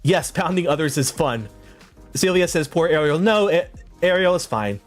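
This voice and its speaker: A man's voice: fairly high pitch, animated, normal speed, faint music behind. A man streaming a video game live, reading chat aloud and giggling as he plays. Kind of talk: casual gaming livestream chat.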